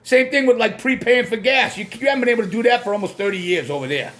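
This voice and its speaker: A man's voice: extremely high pitch, fast talker, a bit bright. A man from Massachusetts with a Boston accent, hosting a casual live stream. He rambles bluntly, swears freely and greets viewers by name.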